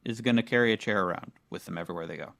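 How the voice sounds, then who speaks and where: A man's voice: sits low, racing, creaky, fairly bright tone, no room sound, studio quality. A man co-hosting a casual comedy podcast over a video call, patiently pushing back as the skeptical straight man. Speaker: podcast co-host.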